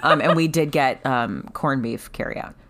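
A woman's voice: a bass voice, a little slow, fairly bright tone, a little hiss or hum. A woman co-hosting a book podcast in casual, chatty talk that rambles along. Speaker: podcast co-host. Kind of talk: casual chat.

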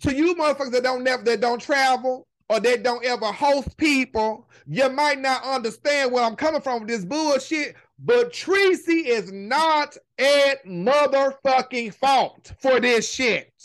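A high-voiced woman hosting a podcast rants emphatically in casual commentary. She swears nonstop, leaning hard on every curse and drawing the swear words out.

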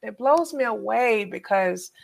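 A woman's voice: fairly high pitch, expressive, a little slow, gravelly. A woman speaking in an emphatic, encouraging, preacher-like way. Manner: emphatic and exhorting. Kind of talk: encouraging preaching-style reflection.

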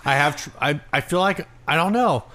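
Tipsy young man, lively high voice. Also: fairly quick. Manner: tipsy, joking, breathy into the mic. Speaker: podcast co-host. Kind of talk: casual chat.

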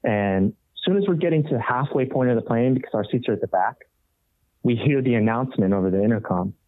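A man telling a casual story as a podcast guest, in an average pitch, acting out the voices of the people in it with animation. The audio is thin and phone-like, and the sound is dry and close. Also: fast talker, dry recording. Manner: animated, acts out quoted voices. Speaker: podcast guest, rock guitarist.

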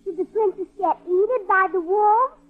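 A woman's voice: very high-pitched, normal speed. A piping little radio-sitcom girl. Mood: chirpy. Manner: piping, chirpy, correcting. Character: precocious little girl, eager daughter. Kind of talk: 1940s radio sitcom acting. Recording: tinny old radio broadcast.

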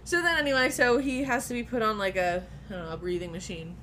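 Bright-voiced woman telling a story candidly. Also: fairly high pitch, steady tone, quick pace, slight background noise. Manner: candid and profane, laughs through the telling. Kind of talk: casual storytelling chat.

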